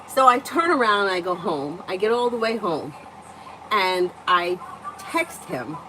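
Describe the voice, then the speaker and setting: A woman's voice: medium pitch, big pitch swings, moderate pace, sharp tone, slight background noise, poor audio. A woman livestreaming as a tarot reader, telling stories in a chatty way, laughing often and swearing freely. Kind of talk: casual storytelling and tarot reading.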